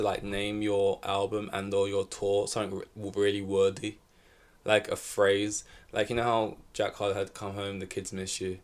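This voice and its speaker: Rambling, lower-voiced podcast guy. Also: a little mellow, smooth. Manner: rambling, self-correcting, swears casually. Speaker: podcast host. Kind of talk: casual solo chat. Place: in front of a camera.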